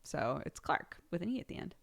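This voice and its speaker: A woman's voice: sits low, sing-song, a little fast, gravelly. A woman live streamer chatting casually, laughing often and reading out thank-yous to her subscribers.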